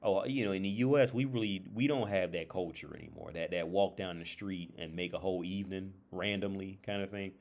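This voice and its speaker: A man's voice: low voice, fairly even intonation, brisk, few pauses, darkish tone. A man telling a story on a casual livestream, rambling with many restarts and filler words. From United States. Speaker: streamer and therapist.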